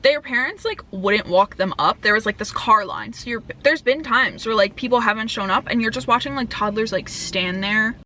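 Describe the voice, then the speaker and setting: Bright, animated young woman ranting. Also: on the high side, moderate pace, few pauses, slight background noise. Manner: animated, swearing, quoting herself. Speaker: storyteller. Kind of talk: casual storytime rant.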